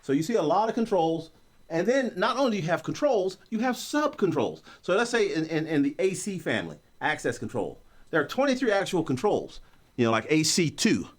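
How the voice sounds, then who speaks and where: Animated man lecturing with lively pitch. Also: a little fast. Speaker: course instructor. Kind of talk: recorded online lecture.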